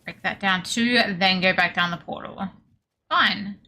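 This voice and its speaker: A young Australian woman chatting casually with her viewers while streaming a game, self-deprecating and quick to laugh. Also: medium pitch, sharp tone. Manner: chatty, self-deprecating, laughs often, reads chat aloud. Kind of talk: casual gaming stream chat.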